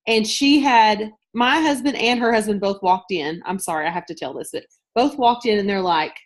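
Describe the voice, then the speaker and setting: A chatty woman with a drawl leads her team's video call. She talks loosely, circles back on herself and leans on filler words. Her pitch sits in the middle of the range, and the sound comes through a computer call mic. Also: moderate pace. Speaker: team leader hosting a sales call. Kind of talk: casual talk on a group video call.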